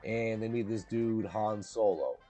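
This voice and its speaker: A man's voice: lowish voice, measured pace, mellow, soft background music. A man giving a casual, slangy movie recap in a laid-back way, full of filler words.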